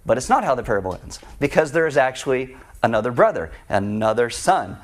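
A man preaching a sermon, retelling a parable in an animated, conversational way. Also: mid-range voice, brisk. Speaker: pastor.

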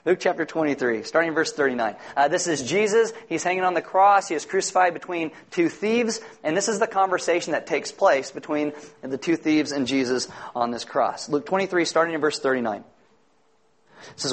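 A man's voice: a little high, fairly quick. A man preaching a sermon, earnest and emphatic, quoting scripture as a pastor.

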